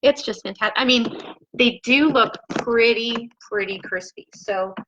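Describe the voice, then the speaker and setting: A woman hosts a home cooking live stream from her kitchen, bubbly and gushing, laughing often as she chats casually with viewers. Her voice is a little high and her pace measured. The sound, from a laptop on the counter, is muffled with a noisy background.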